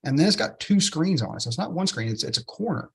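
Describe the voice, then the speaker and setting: A man, an interview guest telling a story with excitement and many "right?" tag questions. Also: fairly high pitch, fast talker, gravelly, slightly rough. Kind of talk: enthusiastic storytelling in a podcast interview.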